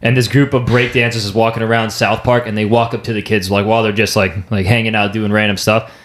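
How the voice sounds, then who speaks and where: A young man chatting on a buddy podcast, animated and playful as he tells stories. He slips into quoted voices as he goes, keeping the talk loose and lively. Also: lowish voice, fast, reverberant. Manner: animated storyteller who acts out quotes. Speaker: podcast co-host. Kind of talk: casual chat.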